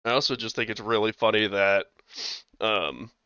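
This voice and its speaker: A man's voice: fairly low pitch, moderate pace, bright, forceful tone, clean tone, no echo, lo-fi sound. A man co-hosting a casual podcast, rambling with lots of fillers, laughing and swearing as he goes. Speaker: podcast co-host.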